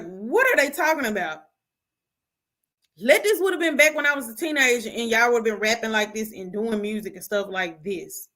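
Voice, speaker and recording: A young woman hosting her own show, giving casual opinions on music in an animated, slangy way. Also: high voice. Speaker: host.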